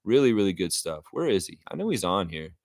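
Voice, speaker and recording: Animated man hosting a sports livestream. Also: low voice, quick pace, no echo, studio quality. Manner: animated, profane ranting. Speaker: livestream host. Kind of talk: casual livestream commentary reading chat.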